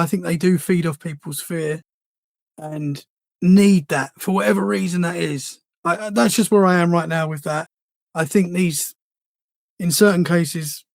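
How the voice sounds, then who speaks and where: Raspy high-voiced man recounting. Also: no room sound, studio quality. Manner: earnest, rambling with repeated words and restarts. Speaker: podcast guest. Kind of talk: casual storytelling interview.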